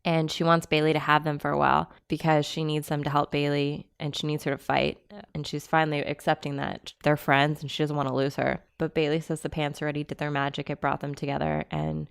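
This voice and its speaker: A woman's voice: sits low, little pitch movement, fairly quick, creaky, hardly any pauses, clear, resonant tone. A woman in her thirties co-hosting a podcast, earnestly retelling movie scenes in casual chat with a friend and often laughing. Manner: casual swearing. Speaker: podcast co-host.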